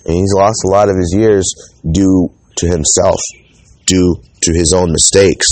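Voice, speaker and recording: A man's voice: lowish voice, darkish tone, dry recording. A man hosting a solo podcast, talking casually and rambling, with frequent restarts and the odd swear word. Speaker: podcast host.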